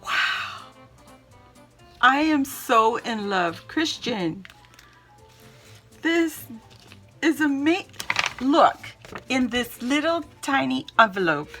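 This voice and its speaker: High-voiced woman gushing over craft mail, slow chatty delivery, bright tone, faint music behind. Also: big pitch swings. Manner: gushing, squealing exclamations. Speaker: craft channel host. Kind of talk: casual unboxing chat.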